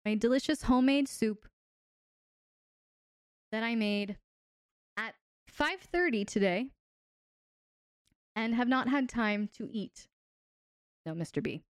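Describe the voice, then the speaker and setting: Playful woman host with a smooth voice. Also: fairly high pitch, slow, long pauses, no room sound, clean studio sound. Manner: playful and teasing, laughs often. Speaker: host and relationship coach. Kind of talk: casual live-stream sign-off answering chat.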